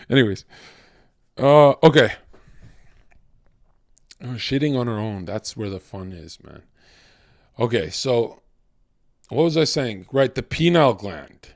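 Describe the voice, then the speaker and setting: A young man ranting casually on a livestream, profane and rambling, with many restarts and rhetorical questions, swinging from loud and worked up to low muttering. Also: lively intonation, slow pace, pauses often, dry recording, studio quality. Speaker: streamer.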